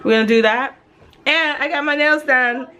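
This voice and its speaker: A woman's voice: high-pitched, moderate pace, sharp tone, slight background noise, low-quality recording. A woman in her thirties from Jamaica, chatting casually to camera in a home vlog, rambling and full of "you know"s. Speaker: family vlogger.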